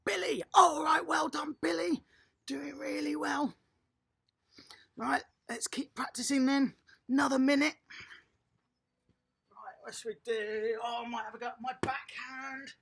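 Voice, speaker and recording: A children's tennis coach, giving a lively, encouraging home lesson and praising the young players outdoors in a garden. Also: sits high, a little slow, creaky, long pauses.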